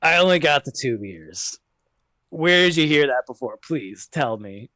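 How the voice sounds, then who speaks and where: A man's voice: medium pitch, animated, a little slow, sharp tone, no echo. A man playing a pushy cat boy prisoner. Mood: insistent. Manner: teasing, insistent questioning.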